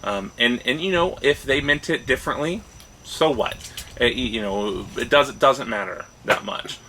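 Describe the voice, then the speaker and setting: This man has an expressive, mid-range voice, pushed and bright, at a moderate pace. A co-host on a relaxed discussion podcast, he speaks thoughtfully, restarts phrases and regularly checks in with an upward "right?". The audio is poor, with a little hiss or hum.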